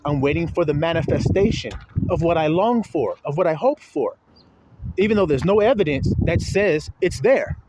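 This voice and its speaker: A high-voiced man delivers an informal sermon that's folksy and full of profanity, addressing his listeners directly. Background noise can be heard.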